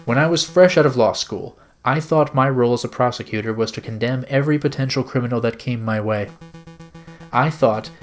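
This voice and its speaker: Man doing a grave male prosecutor, measured, serious, unhurried game voice. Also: mid-range voice, close to an everyday voice.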